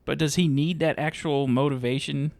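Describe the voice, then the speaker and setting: A man co-hosting a casual movie podcast, slowly working through his points with many restarts. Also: fairly high pitch, fairly even intonation, creaky, a little mellow, dry recording. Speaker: podcast co-host. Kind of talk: casual movie review chat.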